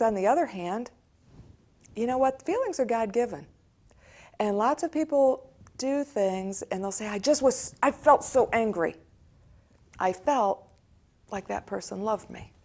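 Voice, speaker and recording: An American woman speaking as a church counselor, giving an animated teaching talk and acting out quoted voices of children and parents. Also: medium pitch. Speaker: church director of community, counselor.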